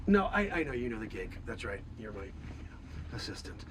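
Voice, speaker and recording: A man hosting an improvised comedy stream, sounding a bit hoarse, swinging from mock-outraged shouting to low muttering. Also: wildly swooping pitch, a little fast, noisy background. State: hoarse, losing his voice.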